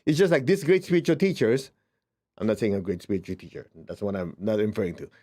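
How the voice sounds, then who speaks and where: A man teaching spirituality in a conversational way, checking in with his listeners often and jumping up in pitch for emphasis. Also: fast. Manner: lively, swings up in pitch for emphasis. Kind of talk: informal spiritual talk.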